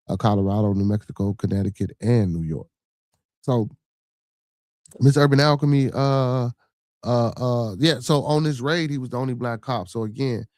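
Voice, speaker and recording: A man's voice: mid-range voice, darkish tone, no room sound, studio quality. A man hosting a podcast in casual livestream talk, reading viewer comments and news aloud, profane and repeating "you know what I'm saying.". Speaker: podcast host.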